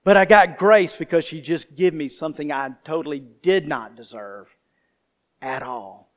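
A man's voice: on the high side, a little slow. A man preaching a sermon, telling a homely story and speaking straight to the congregation. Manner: folksy storytelling, addresses the congregation directly. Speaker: pastor.

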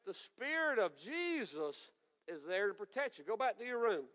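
A man's voice: high voice, very animated, normal speed, a bit bright, in a large hall, voice pushed up. A preacher acting out a stern churchgoing father who lectures his frightened son. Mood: reassuring. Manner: solemn, lecturing.

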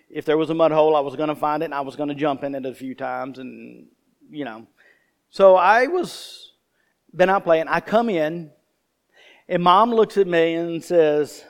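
A man's voice: on the high side, smooth. A man preaching a sermon, telling a homely story and speaking straight to the congregation. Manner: folksy storytelling, addresses the congregation directly. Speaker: pastor.

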